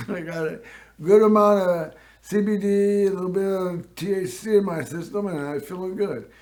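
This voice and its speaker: A man hosting a local TV show, telling a personal story in a rambling way and often clearing his throat. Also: high-pitched, unhurried, a little mellow. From Northern California. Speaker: host.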